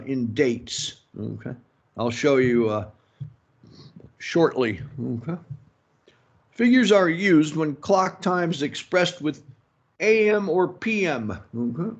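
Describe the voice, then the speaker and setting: A man teaching a business English lecture, slow and halting, filling pauses with "mm-hmm" and "okay" and adding opinionated asides. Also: a little high, lo-fi sound. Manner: slow, halting, many fillers and self-talk like "mm-hmm" and "okay". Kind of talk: recorded lecture.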